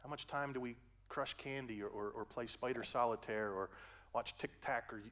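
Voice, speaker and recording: Older male pastor, sermon delivery, dynamic from hushed to booming, folksy. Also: moderate pace. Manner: swings from hushed and gentle to loud climactic preaching; folksy asides, addresses listeners as folks.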